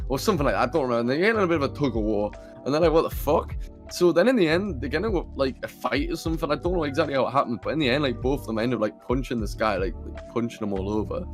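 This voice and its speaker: A young man hosting a podcast, telling a story in a rambling, sweary way full of fillers. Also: mid-range voice. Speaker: podcast host. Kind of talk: casual storytelling. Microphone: computer camera mic.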